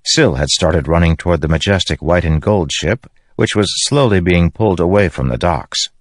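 A man narrating a fantasy audiobook in a steady storytelling manner. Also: low voice, moderate pace, no echo, studio quality. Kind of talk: scripted narration.

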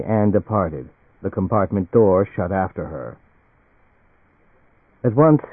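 A man with a fairly low voice reads a novel aloud, measured and even, keeping the characters' lines quiet. The sound is thin and phone-like, with a dry, close feel and no room around it. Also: no room sound. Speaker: audiobook narrator. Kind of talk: scripted narration. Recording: tinny phone-like audio.

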